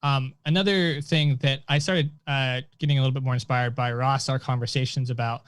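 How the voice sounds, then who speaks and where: A man co-hosting a casual chat about streaming, speaking thoughtfully with pauses. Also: mid-range voice, steady tone, smooth, no room sound. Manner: thoughtful, with fillers and restarts. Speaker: co-host.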